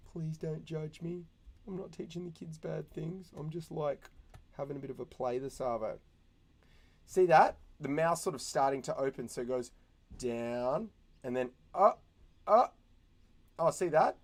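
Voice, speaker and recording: A young man teaching animation in a casual, chatty way, thinking out loud and making little sound effects as he works. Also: on the high side, creaky. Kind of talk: casual screen-recorded tutorial.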